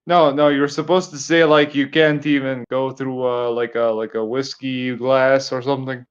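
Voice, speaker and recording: A man's voice: medium pitch, little pitch movement, normal speed, clean tone, muffled recording. A man from Lithuania with a Lithuanian accent, co-hosting a livestream and insistently pushing a joke. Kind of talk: casual livestream banter.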